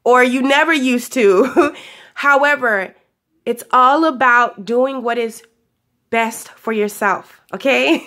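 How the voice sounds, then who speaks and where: Bright, chatty woman giving spiritual pep talk. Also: sits high, takes it slowly, slight background noise. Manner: chatty and affectionate, laughs often, calls listeners "honey". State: voice still recovering, a little hoarse. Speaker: spiritual guidance vlogger.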